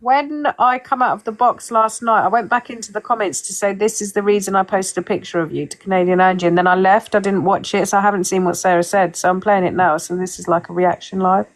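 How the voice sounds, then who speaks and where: A woman's voice: medium pitch, steady tone, fast talker, hardly any pauses, low-quality recording. Woman, live-stream host, sarcastic, combative, swears, casual chat.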